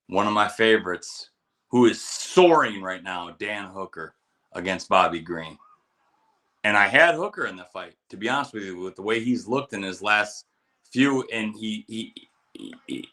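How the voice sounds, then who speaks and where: Bright-voiced man telling war stories. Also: lowish voice. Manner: storytelling, profane, animated quotes. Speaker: podcast co-host, military veteran. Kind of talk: casual chat with fight picks.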